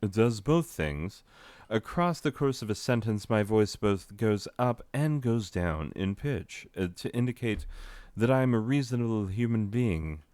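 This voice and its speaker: Deep-voiced deadpan gamer man. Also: unhurried, no echo. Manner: deadpan, goofy asides, mock rapping. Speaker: gaming video host. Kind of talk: rambling joking game commentary.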